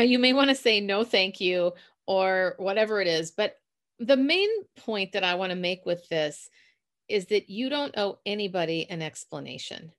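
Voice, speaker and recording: A woman's voice: fairly low pitch, a bit bright. A woman with a Minnesotan accent, hosting a chatty motivational talk for listeners and laughing at herself now and then. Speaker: podcast host.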